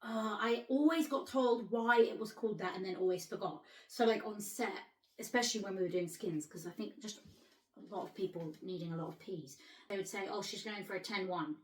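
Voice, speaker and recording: A woman's voice: medium pitch, brisk. Here is a woman from England chatting and laughing freely. She asks eager, curious questions in a casual tone. The room around her is echoey. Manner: giggly, curious, animated questions. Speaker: actress and host. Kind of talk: casual chat.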